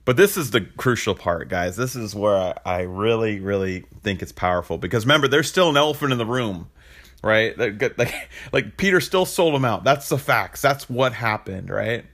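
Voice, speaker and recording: A man's voice: lowish voice, lively intonation, normal speed, a bit bright. A man in his thirties hosting a podcast, telling a personal story in a candid, reflective way, often restarting his sentences. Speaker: podcast host.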